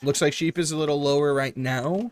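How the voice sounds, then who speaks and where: Male live-stream game caster, a bit high-pitched, chatty and joking, full of quick asides. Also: steady tone. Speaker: strategy game tournament caster.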